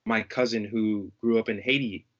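A young man speaks earnestly and reflectively in a casual conversation, pausing to search for the right words. His voice sits at a middling pitch. The sound is a little dull and lo-fi. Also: steady tone, fairly bright tone. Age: young adult.

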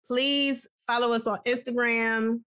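A woman's voice: a little high, little pitch movement, a little slow, a bit bright, clean tone. A woman co-hosting a podcast, chatting in an upbeat way and greeting listeners. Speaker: podcast co-host. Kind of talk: casual chat.

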